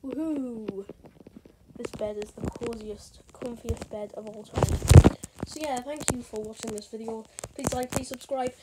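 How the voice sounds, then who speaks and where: A woman's voice: fairly high pitch, steady tone, moderate pace. A woman chatting casually in a hotel room, out of breath, rambling with many fillers and restarts. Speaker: vlogger. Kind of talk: casual vlog chat. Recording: loud background noise. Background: loud noise.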